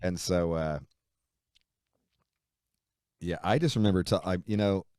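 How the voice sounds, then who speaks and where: A man's voice: sits low, unhurried, clear, resonant tone, dry recording, studio quality. A middle-aged man, a musician, telling a story in a casual interview with lots of swearing and fillers. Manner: profane, animated retelling with frequent fillers. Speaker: musician guest.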